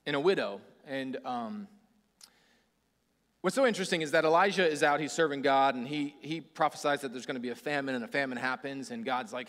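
A preacher with a mid-range, fairly bright voice gives a casual, conversational sermon, acting out the voices of characters in his story. It's recorded in a church hall with noticeable reverb.

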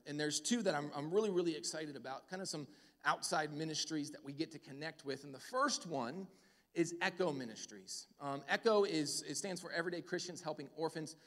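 Enthusiastic pastor, a bit high-pitched, announcing from a reverberant church hall. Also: male voice, a little fast. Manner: energetic, enthusiastic, fillers like "man". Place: church sanctuary.

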